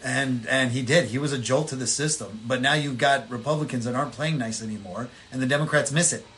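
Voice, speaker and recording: A man co-hosting a casual political chat podcast, telling stories in a rambling way and doing quick voices for the people in them. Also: mid-range voice, a little hiss or hum. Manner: rambling, animated storytelling with voiced impressions. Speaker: podcast co-host.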